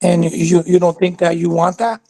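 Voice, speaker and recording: A man guesting on a livestream chat, his voice pitched high for a man and heavily gravelly with fry. He talks in a measured, hesitant way, leaning on ums between thoughts. The delivery stays calm and deliberate.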